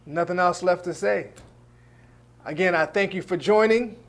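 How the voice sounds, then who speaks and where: Higher-voiced male radio host. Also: moderate pace. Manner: affirming, brief responses. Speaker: talk show host. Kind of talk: radio interview. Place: radio studio.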